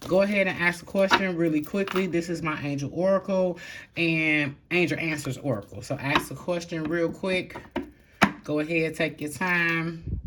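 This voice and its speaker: A woman doing a casual tarot reading to camera, talking bluntly in slang and swearing freely, moving between calm stretches and loud outbursts. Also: low voice, normal speed, noisy background. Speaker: tarot reader.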